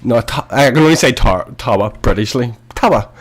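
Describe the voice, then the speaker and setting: A man's voice: mid-range voice, lively intonation, brisk. Streamer, man, west belfast accent, self-mocking banter while gaming, sweary. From West Belfast, Northern Ireland. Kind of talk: casual chat while playing online.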